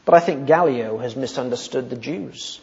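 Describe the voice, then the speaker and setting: A man preaching an expository sermon, emphatic and slowing down on key points. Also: medium pitch, gravelly, a little mellow. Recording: muffled sound with long reverb in a hall.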